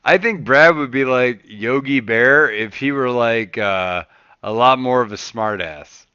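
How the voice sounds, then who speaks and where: A man co-hosting a podcast in casual chat, telling stories in an animated way and acting out quotes. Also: mid-range voice, a little slow, smooth, dry recording, highs cut off. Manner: animated storyteller, acts out quotes. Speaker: podcast co-host.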